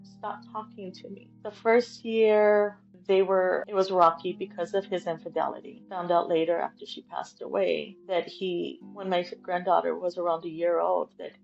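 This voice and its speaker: A woman's voice: lowish voice, flat delivery, normal speed, gravelly, hardly any pauses, highs cut off, faint music behind. A middle-aged woman, a guest in an interview, tells a painful family story with feeling and often acts out past conversations. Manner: emotional, retells conversations by quoting them.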